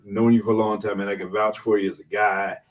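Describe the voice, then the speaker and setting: A man's voice: fairly low pitch, flat delivery, fast. Give me a male podcast co-host who chats casually and enthusiastically, full of slang and praise. He keeps tossing in "man" and "bro" as he talks. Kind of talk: casual chat.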